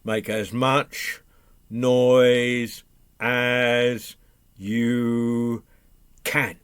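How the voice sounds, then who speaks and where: A man's voice: medium pitch, moderate pace, fairly bright tone, no echo, clean studio sound, natural voice. A man voicing Jack, a plucky young lad in a told folk tale, speaking plainly. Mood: steady.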